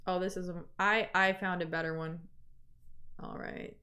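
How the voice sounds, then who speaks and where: A woman's voice: lowish voice, fairly even intonation, normal speed, sharp tone. Chatty Canadian woman streamer. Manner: chatty, reads viewer comments aloud. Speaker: livestream host. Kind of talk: casual livestream chat.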